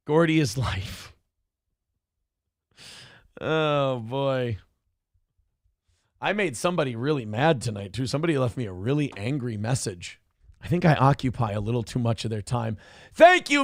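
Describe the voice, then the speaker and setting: Gravelly high-voiced streamer guy. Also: no room sound, studio quality. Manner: rambling and excitable, crude jokes, cooing baby talk to his dog. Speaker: livestream host. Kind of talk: casual livestream chat.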